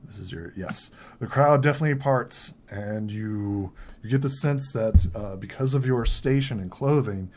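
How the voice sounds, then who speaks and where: A man's voice: fairly low pitch, moderate pace, hardly any pauses, darkish tone, slight background noise. Casual male game master narrating. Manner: casual, filler-heavy narration with many "uh" and "like".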